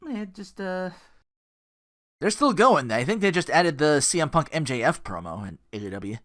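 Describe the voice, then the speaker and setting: A man's voice: a little high, very animated, normal speed, a bit bright. A man hosting a solo podcast, rambling and joking at his own expense. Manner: rambling, self-mocking, laughs at own jokes. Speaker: podcast host.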